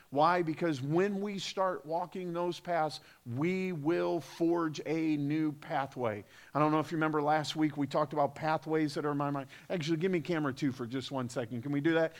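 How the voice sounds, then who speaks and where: A man preaching a sermon as pastor, emphatic, with rhetorical questions and repetition. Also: a little high. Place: church sanctuary.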